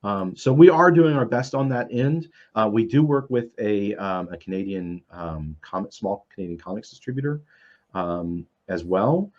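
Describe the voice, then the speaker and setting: A man's voice: lowish voice, animated, normal speed. Sex: man. Role: publisher guest on a stream panel. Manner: hesitant, restarts often. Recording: dull lo-fi video call audio. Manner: hesitant, many fillers, self-interrupting. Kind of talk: casual panel chat on a livestream.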